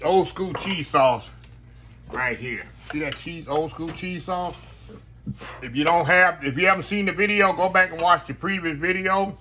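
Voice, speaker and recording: A man's voice: a little high, bright, forceful tone, a little hiss or hum, poor audio. A man hosting a casual cooking demonstration in a kitchen, folksy and talking straight to his viewers, repeating his catchphrases. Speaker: cooking show host. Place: home kitchen.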